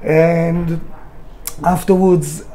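A man's voice: a little high, level tone, very slow, mellow. A middle-aged man, a restaurant owner telling his story with passion, emphatic and swearing freely, in English. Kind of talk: storytelling in a conversation.

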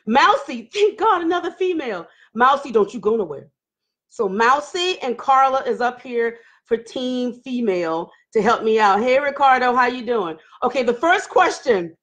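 Bubbly woman hosting a live chat. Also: on the high side. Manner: animated, laughing, greeting viewers by name. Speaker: livestream host. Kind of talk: casual live-stream chat.

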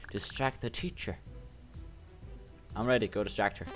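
Guy playing a game, rambly and excitable, swears a lot, lowish voice, quiet music behind. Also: normal speed. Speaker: gamer. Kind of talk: let's play commentary.

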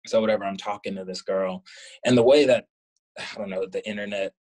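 Man, young adult, husky voice, lowish pitch, casual storytelling, rambling, self-deprecating, chuckling. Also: fairly even intonation, fairly quick, darkish tone, low-quality recording. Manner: rambling, filler-heavy, self-mocking, laughs between lines. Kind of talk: casual comedic personal storytelling.

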